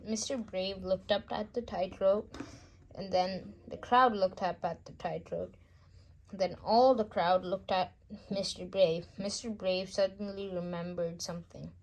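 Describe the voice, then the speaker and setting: Slow-reading woman storyteller. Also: medium pitch, fairly even intonation, a little hiss or hum. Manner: slow, gentle reading with small slips. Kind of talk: children's bedtime story read-aloud.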